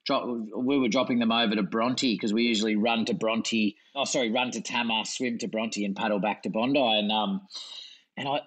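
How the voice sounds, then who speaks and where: An Australian man, a lifeguard guest, recounting a rescue in relaxed, self-deprecating casual chat. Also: lowish voice, normal speed, low-quality recording.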